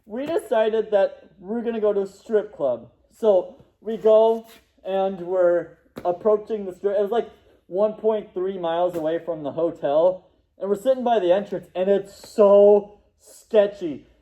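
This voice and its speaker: Casual young guy, high voice, chatty storytelling, muffled lo-fi recording. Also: unhurried, warm tone. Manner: rambling, laughing, acts out quotes.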